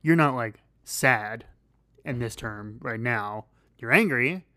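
A man co-hosting a podcast in casual chat, rambling and halting with many fillers and restarts. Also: medium pitch, sharp tone, no echo, studio quality. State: losing his voice. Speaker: podcast co-host.

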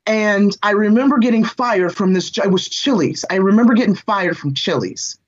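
A woman in her forties, an interview guest, telling a personal story in an expressive, animated way and speaking straight to the host. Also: mid-range voice, normal speed, breathy edge. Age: 40s. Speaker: guest, entertainment reporter and screenwriter. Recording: slightly dull lo-fi sound.

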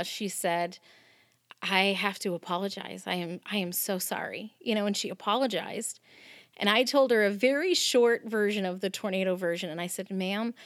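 A woman's voice: medium pitch, no room sound, clean studio sound. A woman hosting her own podcast, telling personal stories in an earnest, heartfelt way, often restarting her sentences. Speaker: podcast host. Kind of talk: personal storytelling monologue.

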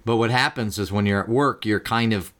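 A man's voice: lowish voice, a little fast, fairly bright tone. A man co-hosting a podcast, chatting casually, joking at times and at times making thoughtful points. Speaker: podcast co-host.

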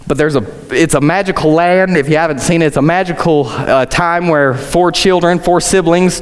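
Male preacher, earnest sermon with light casual asides; slightly high voice, long church reverb. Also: clean tone.

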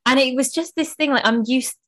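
A woman's voice: sits high, a little fast, fairly bright tone. A young woman hosting a podcast, chatting casually and emotionally with lots of "like". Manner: gushing, emotional, heavy use of "like". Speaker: podcast host. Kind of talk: casual chat.

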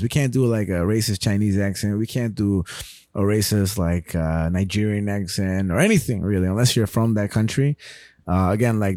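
A man's voice: lowish voice, a little mellow, no echo, clean studio sound. Laid-back rambling podcast guy. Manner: rambling, laughs often, swears casually. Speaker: podcast co-host. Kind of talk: casual podcast chat.

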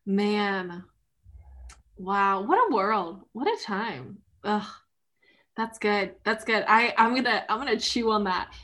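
A woman's voice: mid-range voice, lively intonation, slow pace, a bit bright. A woman co-hosting a casual chat, reacting with short interjections.

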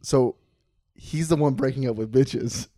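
A man's voice: medium pitch, a little slow, warm tone, dry recording, studio quality. A man hosting a casual podcast with friends, teasing them and swearing freely. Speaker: podcast host. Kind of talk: casual chat among friends.

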